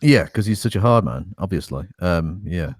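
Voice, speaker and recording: Dry-voiced sarcastic man, low. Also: lively intonation, normal speed, no echo. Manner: wry, sarcastic, swearing, casual. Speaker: podcast co-host. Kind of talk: casual chat, reading a statement aloud.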